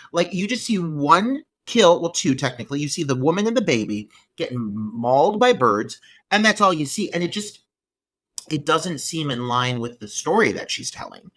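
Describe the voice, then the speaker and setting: A man co-hosting a movie podcast, ranting through his gripes in casual, profane chat. His voice sits a bit high and swings all over the place, with a bright, forceful edge. The sound is close and dry. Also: no echo. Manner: animated, swears freely, ranting gripes. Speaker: podcast co-host. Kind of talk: casual film review chat.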